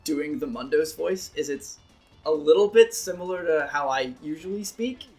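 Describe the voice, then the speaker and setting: A man co-hosts a gaming show, talking in a loose, rambling way. His voice sits a little higher than most men's. Faint music runs under the conversation. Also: normal speed. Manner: relaxed, rambling storyteller. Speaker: podcast co-host. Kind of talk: casual chat while gaming.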